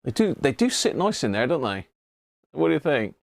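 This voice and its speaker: A fairly high, creaky male voice sounds very animated at a moderate pace, with no room sound. Speaking in a southern English accent, he hosts a casual livestream from his home workshop on restoring vintage radios, laughing often and replying to viewers by name as he inspects old radios on his workbench.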